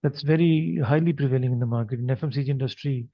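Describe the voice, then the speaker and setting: Moving quickly through his slides, a male marketing lecturer with an Indian English accent speaks off the cuff in a mid-range voice, with many fillers. The recording is dry and a little dull.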